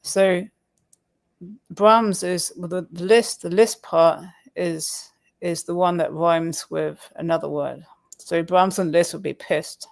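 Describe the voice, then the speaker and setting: A man with a Suffolk English accent chats casually on a livestream. His voice sits high and has a gravelly edge. He explains things patiently and laughs often, recorded close and dry with no room sound. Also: fairly even intonation, slow, no echo. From Suffolk, England. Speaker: livestream co-host. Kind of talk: casual chat.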